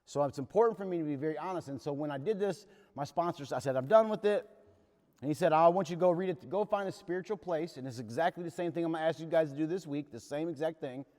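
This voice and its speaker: A man's voice: on the high side, quick pace, few pauses, a little mellow. A man leading a recovery workshop, telling his own story in a plain-spoken, earnest way. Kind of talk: candid personal talk to a recovery group. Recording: long hall reverb.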